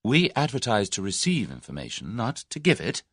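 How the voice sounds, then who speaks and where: A man's voice: medium pitch, slightly rough, dry recording, studio quality, heavily acted. A man voicing Tuppence, an eager, impulsive young woman adventurer, in an audiobook. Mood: pert. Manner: excitable, quick, animated.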